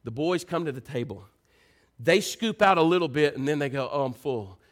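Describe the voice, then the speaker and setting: A man preaching a sermon, telling homey stories and slipping into soft, low, prayerful tones. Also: animated, fairly quick. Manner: folksy storytelling, swings loud and high into playful mimicry. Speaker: pastor.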